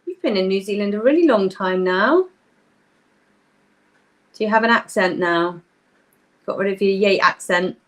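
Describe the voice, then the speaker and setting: A woman's voice: medium pitch, normal speed, long pauses. Chatty woman hosting a live craft stream. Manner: chatty, greets viewers by name, thinks aloud. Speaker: craft workshop host. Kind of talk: casual live-stream chat while crafting.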